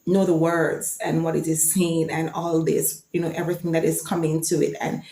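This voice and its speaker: A woman's voice: deep voice, little pitch movement, moderate pace, warm tone, roomy sound. A woman from Jamaica with a Jamaican accent, chatting enthusiastically to her viewers in a casual vlog. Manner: chatty and enthusiastic, sometimes reciting lines. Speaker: vlogger.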